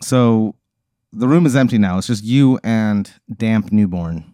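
A man hosting a comedy podcast, telling an improvised scenario in a halting way, with fillers and giggles. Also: on the low side, dark tone, dry recording, clean studio sound. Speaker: comedy podcast host running a hypothetical scenario. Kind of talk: improvised storytelling chat.

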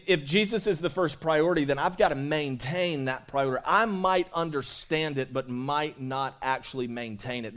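A man pastor preaching a sermon to his congregation in a casual, conversational way, repeating phrases and calling out to the crowd. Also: medium pitch. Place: church sanctuary.

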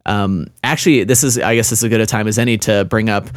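A man's voice: lowish voice, steady tone, fast talker, no echo. A man in a casual game discussion who talks hesitantly, with many fillers and restarts.

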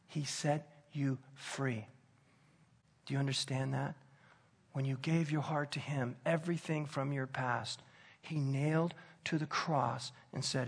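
A man preaching a sermon, telling a personal story in an earnest, conversational way that drops to soft intensity. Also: medium pitch, steady tone, a little slow, creaky, breathy edge.

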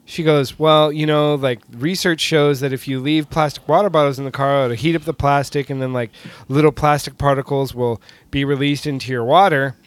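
A man's voice: a little high, fairly even intonation, moderate pace, clear, resonant tone, no room sound. A middle-aged man from California co-hosting a podcast, chatting casually, telling stories and laughing often. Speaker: podcast co-host. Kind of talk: casual chat.

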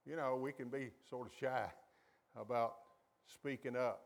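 Slow-preaching pastor, a man. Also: fairly even intonation, creaky. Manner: calls for the congregation to repeat after him; acts out quoted voices with sudden high jumps in pitch. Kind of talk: sermon.

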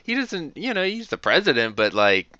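Profane, rambling man venting, bright voice. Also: a little high, sing-song, normal speed, a little hiss or hum. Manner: profane, venting, rambling with many fillers and laughs. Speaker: podcast host. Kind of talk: casual rambling monologue. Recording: dull lo-fi recording.

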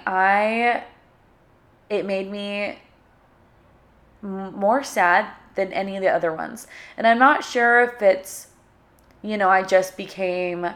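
A young woman hosts her own podcast, speaking alone at a middle pitch. She talks in an emotional, halting way, often stopping to search for the right words. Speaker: podcast host. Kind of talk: solo podcast talk.

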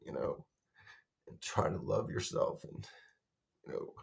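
A man in his fifties, a guest on a call, talking earnestly with halting restarts and repeated words. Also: on the low side, sing-song, vocal fry, darkish tone. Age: 50s. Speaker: guest survivor. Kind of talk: emotional interview talk. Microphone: video or phone call.

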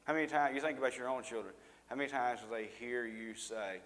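Middle-aged man, mid-pitched, preaching live to a congregation with a loose, repetitive manner; the big hall rings behind him. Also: quick pace, fairly bright tone. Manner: conversational, asks the audience questions and repeats himself. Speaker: lay preacher and school teacher. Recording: long reverb of a large hall.

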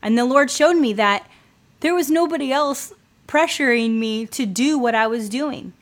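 A woman in her thirties, a homeschooling mother, giving earnest, conversational faith-based advice with frequent fillers. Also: a little high.

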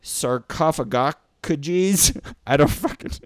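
Speaking slowly in a studio-quality recording with no room sound, a podcast host delivers a ranting monologue. He sounds exasperated and swears freely, now and then mocking others with high-pitched impressions.

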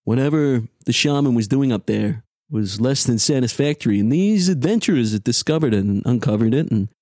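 A man's voice: mid-range voice, animated, fairly quick, darkish tone, no echo, clean studio sound, natural voice. A man voicing an earnest, worried mayor. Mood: grave.

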